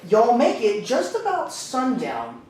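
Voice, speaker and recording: Man, rambling game master narration, high-pitched, distant, roomy, faint hiss. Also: huge pitch swings, takes it slowly, darkish tone. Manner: laid-back, rambling description. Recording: echoey room, mic far off.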